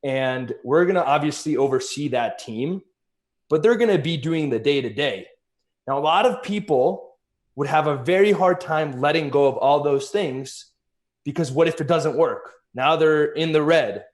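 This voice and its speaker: A man's voice: a little high, normal speed. A man in casual business conversation, explaining his points earnestly with examples.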